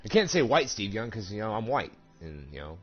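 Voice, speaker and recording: A young man streaming a game from home, chatting casually and swearing a lot, laughing and working himself up into loud rants. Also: fairly low pitch, a little fast, breathy edge, faint music behind. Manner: animated and profane, laughing, rising to loud excited rants. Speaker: gaming streamer. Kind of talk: casual chat while streaming. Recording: dull lo-fi stream audio.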